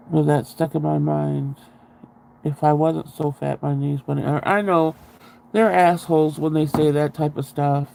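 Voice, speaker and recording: A man telling his own story in a casual interview, frank and halting, with blunt swearing. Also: a little high, creaky, mellow, slight background noise, low-quality recording.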